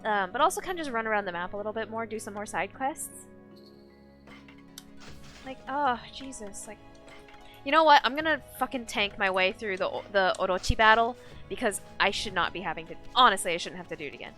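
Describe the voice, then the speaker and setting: A woman's voice: medium pitch, expressive, a little fast, bright, forceful tone, soft background music. A woman streamer chatting casually while playing a game, rambling with many fillers and restarts. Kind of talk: casual live-stream chat while gaming.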